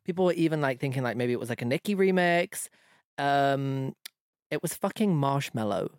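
A man's voice: medium pitch, lively intonation, moderate pace, clear, resonant tone, dry recording, studio quality. Chatty, cursing young man co-host. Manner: chatty, swears freely, laughs often. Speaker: podcast co-host. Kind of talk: casual chat.

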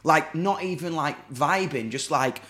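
A man's voice: fairly high pitch, unhurried. Dry, sweary Northern English man. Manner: dry, sweary, animated anecdote-telling with acted quotes. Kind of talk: casual storytelling chat.

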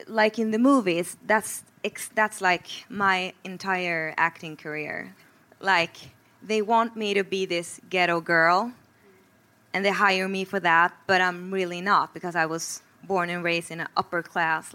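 A woman from Sweden speaks on a discussion panel. Her voice is bright and clear, and she talks in a reflective, hesitant way with frequent fillers. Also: fairly low pitch, measured pace. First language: Swedish. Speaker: actor.

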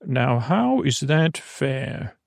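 A man voicing a tall, dignified male centaur who speaks slowly and formally in a bedtime story. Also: mid-range voice, big pitch swings, gravelly, a little mellow, no room sound, studio quality, exaggerated voice. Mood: indignant. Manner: slow, formal, indignant.

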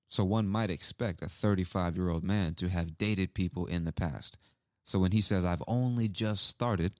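Deep-voiced man teaching English phrases. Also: a little mellow, dry recording, clean studio sound. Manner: casual, repeats examples, acts out sample lines. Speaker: English teacher, podcast host. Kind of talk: explaining phrases from a clip.

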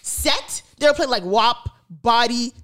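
A woman's voice: on the high side, slow, fairly bright tone. A young woman chatting on a podcast, telling a story with lots of laughter and acting out the voices of the people in it. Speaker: podcast co-host. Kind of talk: casual storytelling chat.

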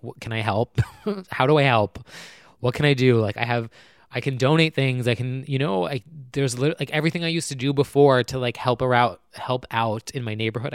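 A young man and YouTube creator venting to the camera about his feelings, rambling and halting, close to tears. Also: mid-range voice, vocal fry, no echo. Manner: rambling, halting, full of "like" and restarts. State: close to tears, voice dropping low. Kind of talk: emotional personal vent to camera.

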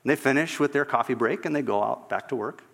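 A man preaching a sermon, telling a story and acting out its voices, dropping to a hush at the end. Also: mid-range voice, fast talker, creaky, big-room sound.

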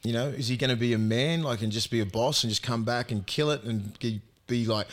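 An Australian man co-hosting a casual chat, relaxed and blunt, swearing as he gives his opinions. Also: medium pitch, quick pace, few pauses. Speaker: podcast co-host. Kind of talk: casual chat and sports talk.

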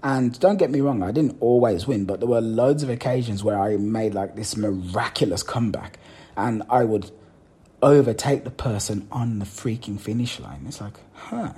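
Low husky-voiced man giving pep talk. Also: normal speed, dark tone. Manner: emphatic, repeats words for stress; addresses the listener directly. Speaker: podcast host. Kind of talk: motivational podcast monologue.

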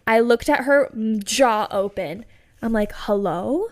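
A woman's voice: fairly high pitch, a little slow. A woman in her twenties hosting a podcast, chatting through a funny personal story with lots of "like" and laughs. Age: 20s. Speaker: podcast host. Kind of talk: casual storytelling.

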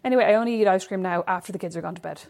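A woman in a relaxed podcast chat, telling meandering stories with lots of fillers. Her voice sits in an ordinary middle pitch. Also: rapid-fire, gravelly. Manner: chatty, rambling storyteller. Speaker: podcast co-host. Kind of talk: casual chat between sisters.

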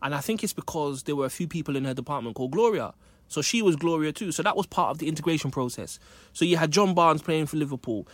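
A man's voice: on the high side, lively intonation, fast talker, no echo. A British man in a casual discussion, making his points through stories and examples, his voice a little cracked. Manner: thoughtful, builds points with examples.

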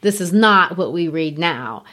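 A woman's voice: lowish voice, animated, unhurried, sharp tone. Woman explaining literature like a teacher. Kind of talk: casual literary lecture.

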